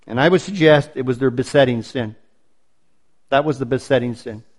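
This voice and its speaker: A man with a medium-pitched voice preaches a sermon, building his points through emphatic repetition and slowing down on the phrases he stresses.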